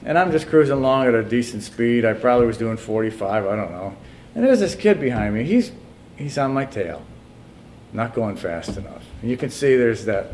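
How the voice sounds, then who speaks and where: A male pastor delivering a sermon to his congregation. He drops into low, quiet asides and then rises to loud, high-pitched emphasis. A faint hiss sits under the recording.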